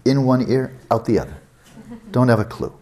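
A man's voice: medium pitch, moderate pace, mellow. Blunt, sarcastic male meditation teacher. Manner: blunt and sarcastic, mimics students' doubting thoughts. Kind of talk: dharma teaching talk.

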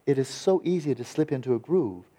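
A man teaching Buddhist meditation in a dharma talk, lively and wry, with a sarcastic edge and frequent restarts. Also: medium pitch, fairly quick.

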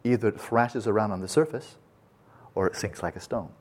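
Husky-voiced male meditation teacher. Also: on the low side, a little fast. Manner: folksy, animated storytelling with casual asides. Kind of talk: dharma talk to retreatants. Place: meditation retreat.

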